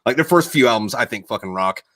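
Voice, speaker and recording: Profane, animated male podcast host. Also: medium pitch, quick pace, no room sound. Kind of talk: casual chat.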